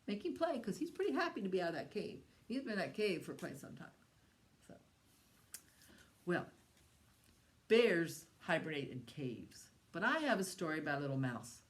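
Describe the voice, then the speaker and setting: A woman with a low, deep voice leads a children's storytime at the library. She coaxes the little ones with questions and invites them to join in. She keeps slipping into a soft, hushed whisper. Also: normal speed, pauses often. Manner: animated, coaxing voice for young children, often dropping to a hushed whisper.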